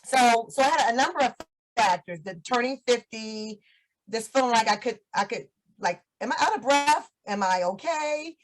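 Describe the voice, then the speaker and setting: A woman's voice: a little high, expressive, moderate pace, low-quality recording. A woman in her fifties, a guest on an interview show, telling her story in a chatty way and laughing often. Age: 50s.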